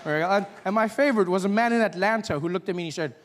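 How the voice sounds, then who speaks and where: A man from South Africa performing a stand-up comedy routine, animated and acting out characters in excited voices. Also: high voice, rapid-fire, noisy background.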